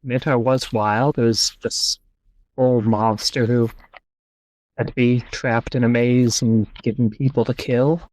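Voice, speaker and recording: A man's voice: mid-range voice, steady tone, unhurried, a little mellow, no echo. A man hosting a podcast over an online call. He reads passages aloud and reasons through them in a casual, thinking-aloud way. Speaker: podcast host. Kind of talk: casual discussion and reading aloud.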